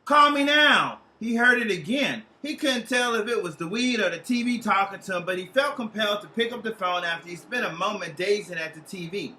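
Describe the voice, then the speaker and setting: A man performing a comic short story aloud, playful and lively, tossing in profanity with relish. His voice is strikingly bright and sits high for a man. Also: a little fast, hardly any pauses, poor audio. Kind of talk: humorous literary reading.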